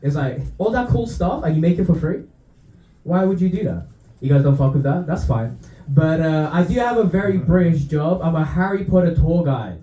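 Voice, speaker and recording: A young man with a Romanian accent, from Romania, performing a laid-back, deadpan stand-up set in a comedy club. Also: a little high, normal speed, reverberant, recorded from a distance, low-quality recording. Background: audience laughter.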